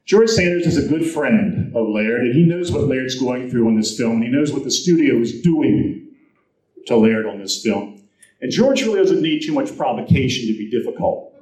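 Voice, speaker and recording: A man at a live event recounting old film stories with a storyteller's flair, slipping into the voices of the people he quotes. His voice sits at an ordinary pitch and carries the echo of a large room. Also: lively intonation, moderate pace, darkish tone. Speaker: film historian speaker. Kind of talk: anecdotal talk to an audience.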